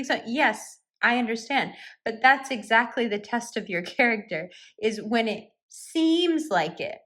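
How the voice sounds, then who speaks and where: A woman giving a tarot card reading in an intimate, reassuring way. She laughs easily and sometimes drops into soft whispers. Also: on the high side, lively intonation, unhurried, few pauses. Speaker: tarot reader.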